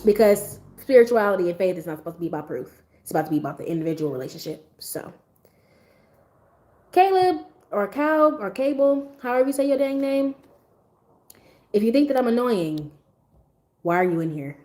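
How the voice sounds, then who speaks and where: A woman hosts a casual livestream in a warm, sing-song, mid-range voice, speaking briskly with frequent pauses. She tells stories, answers her chat directly and laughs often.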